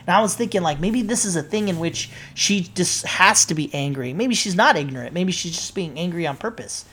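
A woman with a low voice tells a story straight to camera in a loose, rambling way. She swears often and trips over her words, stacking up fillers and restarts as she talks. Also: animated, brisk, fairly bright tone, husky. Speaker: social media poster recounting an argument. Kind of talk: casual storytelling monologue.

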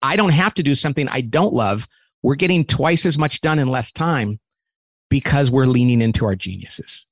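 A man who runs a company, talking as an interview guest and lively acting out quoted remarks as he explains a model. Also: medium pitch, moderate pace, dry recording. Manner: animated, acts out quotes in different voices; repeats words when restarting.

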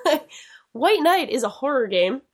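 A woman's voice: high-pitched, very animated, a little slow, breathy edge. A woman co-hosting a podcast, chatting casually with frequent laughs and restarts. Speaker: podcast co-host. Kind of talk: casual chat.

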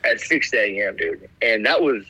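A man's voice: fairly low pitch, lively intonation, moderate pace, sharp tone, husky, dry recording, low-quality recording. A young man telling a rambling story in casual chat, laid-back, calling everyone "dude". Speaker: guest telling stories.

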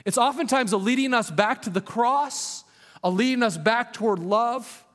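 A man preaching a sermon as a pastor, earnest, sometimes dropping to a hushed voice for emphasis. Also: very high voice, normal speed. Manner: earnest, drops to a hushed voice on key points. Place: church hall with long reverb. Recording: reverberant church hall.

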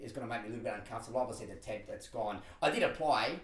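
A man, a podcast guest telling stories in animated, laughing casual chat. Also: medium pitch. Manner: animated storytelling, quick and laughing. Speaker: podcast guest, personal trainer and speaker. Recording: roomy, a bit distant from the mic.

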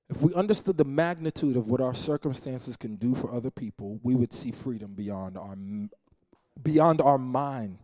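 A man's voice: medium pitch, expressive, normal speed, dark tone, dry recording. Dramatic man preaching, repeating lines. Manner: dramatic, repeats phrases for emphasis. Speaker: pastor. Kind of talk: sermon. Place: church.

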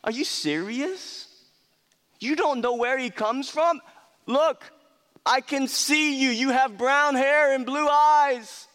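A man's voice: high-pitched, expressive, unhurried, pitched above the performer's own voice. A preacher voicing a man healed of blindness, sarcastically mocking his questioners. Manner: exasperated, sarcastic retorts. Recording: long hall reverb.

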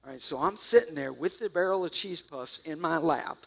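A man preaching a sermon, telling a story with jokes and sudden loud bursts. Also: a little high, a little fast, gravelly. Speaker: pastor.

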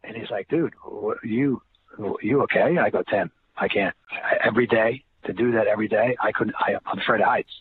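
A man's voice: lowish voice, a little fast. Rambling New man on a tinny line. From New Jersey. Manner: rambling, repeats words, acts out quoted people. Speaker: interview guest, former basketball player. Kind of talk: casual storytelling. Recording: tinny phone-like line with faint noise.

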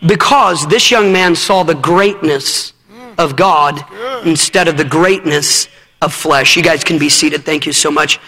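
A man's voice: on the high side, unhurried, pushed and bright. A man preaching a fervent sermon at a youth conference, directing helpers through a live demonstration on stage. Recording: long hall reverb.

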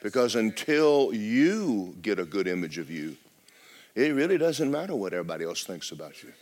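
Pastor guy preaching in church, lowish voice, loud and lively, drops real quiet sometimes. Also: moderate pace. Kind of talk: sermon.

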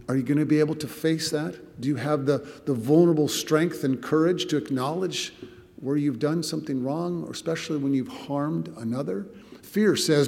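A man's voice: fairly high pitch, normal speed, creaky, darkish tone, in a large hall. A man preaching a sermon as a pastor, telling a story with swelling and dropping volume and repeated words.

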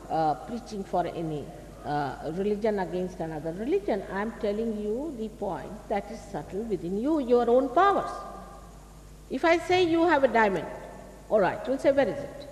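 A woman's voice: medium pitch, a little mellow. A woman with an Indian accent giving an emphatic public spiritual talk, admonishing her listeners and asking them rhetorical questions. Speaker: spiritual teacher. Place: large public hall. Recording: echoey hall, faint hiss, old archive tape.

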